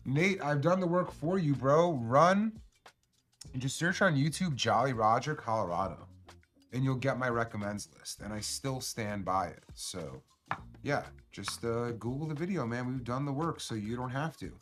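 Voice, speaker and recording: A man's voice: mid-range voice, expressive, normal speed, fairly bright tone, faint music behind. Profane, rambling man hosting a stream. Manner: loose, profane, rambling slang. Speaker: cannabis stream host. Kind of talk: casual live-stream chat.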